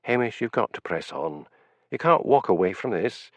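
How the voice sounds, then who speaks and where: A man's voice: fairly low pitch, sing-song, moderate pace, a bit bright, no echo. A male narrator voicing an anxious young woman who talks in an urgent, pleading way. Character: anxious, earnest young woman reporter with second sight.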